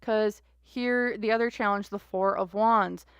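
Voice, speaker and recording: A woman's voice: medium pitch, fairly even intonation, a little slow, smooth, dry recording, muffled recording. A woman doing a live-stream tarot reading, musing aloud with many restarts and fillers. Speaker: tarot reader.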